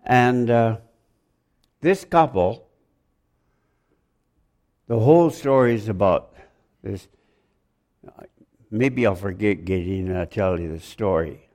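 A man's voice: lowish voice, slow, pauses often, a little mellow. A man preaching a sermon, rambling, joking with the congregation and asking them questions.

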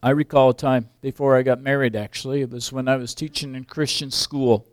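An older man preaching a sermon, swinging from loud emphatic peaks to quiet asides. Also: mid-range voice, fairly even intonation, a little fast, dry recording, studio quality. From English background.

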